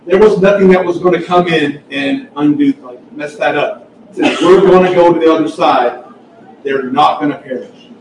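Preacher, male, high voice, impassioned sermon delivery, recorded from far off in an echoey hall. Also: moderate pace, slight background noise. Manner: impassioned, rising to near-shouts.

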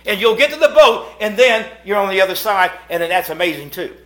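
A middle-aged preacher delivering a sermon in a church, his voice fairly high and swooping all over. He drops to hushed asides, then rises to shouted points. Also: expressive, a little fast. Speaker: pastor. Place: church meeting house.

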